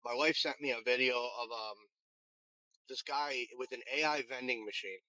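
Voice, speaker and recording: A man's voice: mid-range voice, normal speed, pushed and bright, no echo. A man, a firefighter who runs a vending business, telling his story in a casual interview with many restarts and fillers. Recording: dull, lo-fi sound.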